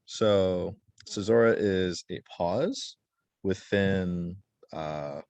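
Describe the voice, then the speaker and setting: Very deep-voiced male teacher. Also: darkish tone, dry recording. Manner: casual, many fillers and restarts. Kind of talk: online class lesson.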